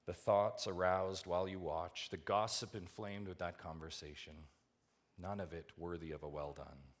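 A man preaching a sermon to his church, asking rhetorical questions and swinging from hushed asides to loud, emphatic build-ups. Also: lowish voice, normal speed. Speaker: pastor.

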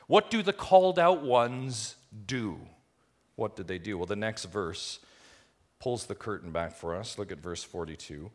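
A man preaching a sermon, emphatic and full of rhetorical questions, swinging between quiet stretches and loud, rising lines. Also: mid-range voice, lively intonation, measured pace. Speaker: pastor.

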